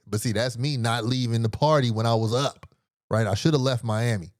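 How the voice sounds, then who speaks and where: Talking a little fast in a mid-range voice, a man hosting a podcast tells a rambling, comedic story full of profanity and slang, voicing the characters' lines himself. The audio is clean studio sound with no echo.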